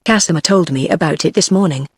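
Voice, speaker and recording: A text-to-speech woman's voice with a British accent, reading the lines of an affable, talkative male police commissary in a storybook in an even synthetic way. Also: fairly low pitch, fast, slightly rough, no echo. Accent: British English.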